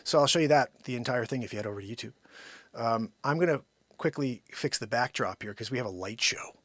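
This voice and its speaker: A man hosting a daily live comedy stream, rambling and joking, swinging from loud bursts to muttered asides. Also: medium pitch, fast, no echo. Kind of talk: unscripted live comedy chat. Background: his own intro song playing.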